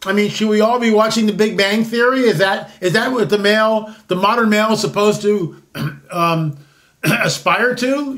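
High-voiced man in his sixties, rambling. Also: moderate pace, fairly bright tone. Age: 60s. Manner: rambling, with frequent restarts and asides. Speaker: host. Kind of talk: opinionated commentary monologue.

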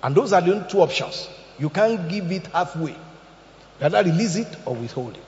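A male preacher with a high, lively voice that swoops up and down as he tells stories and quizzes his congregation. His sermon echoes through a large hall with a long reverb, and the sound is slightly dull. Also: brisk, a little hiss or hum. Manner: animated storytelling, asks the congregation questions.

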